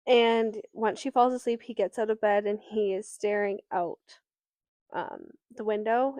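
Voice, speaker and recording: A woman's voice: fairly high pitch, dark tone, no room sound. A woman co-hosting a podcast, recapping a novel's plot in casual chat with fillers and some swearing. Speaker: podcast co-host. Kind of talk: casual book discussion.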